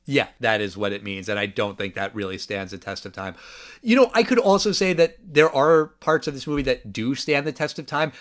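A man co-hosting a casual movie review podcast, talking in an animated, incredulous way with quick asides. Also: mid-range voice. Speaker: podcast co-host.

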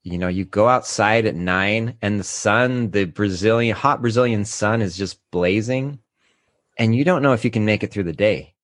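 A man's voice: lowish voice, dry recording. A man in his thirties speaks candidly on a podcast, sometimes catching himself as emotion rises. His voice sits dry and close to the mic, with no room sound. He comes across as open and unguarded. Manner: candid, emotional, halting when moved. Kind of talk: casual podcast chat.

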